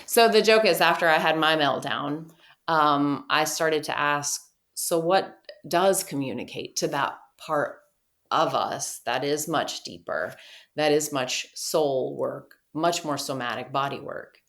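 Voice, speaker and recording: A woman guest on a podcast, a clinical officer at a treatment center, telling lively stories and acting out quoted dialogue. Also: low voice, unhurried. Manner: lively storyteller who acts out quoted dialogue. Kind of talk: podcast conversation, storytelling.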